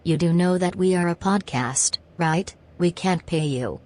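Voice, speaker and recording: A woman's voice: fairly low pitch, a little slow, darkish tone. A woman hosting a comedy podcast, dry and businesslike as she reads facts. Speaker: host.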